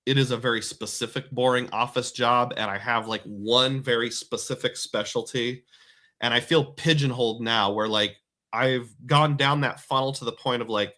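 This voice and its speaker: A man's voice: mid-range voice, steady tone, moderate pace, bright, forceful tone. A middle-aged man hosting a casual live stream, reading viewer comments aloud and chatting back.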